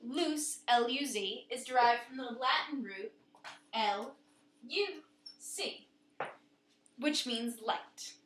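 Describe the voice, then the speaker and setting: A woman narrating a scripted lesson in a clear, steady way, slowing down to spell out and pronounce words. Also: a little high, roomy sound, slight background noise. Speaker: teacher.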